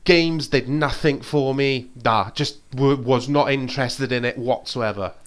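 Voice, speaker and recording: A man in casual conversation as co-host, with a mid-pitched voice. He speaks enthusiastically and rambles at times, restarting his sentences. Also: measured pace. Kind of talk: casual chat.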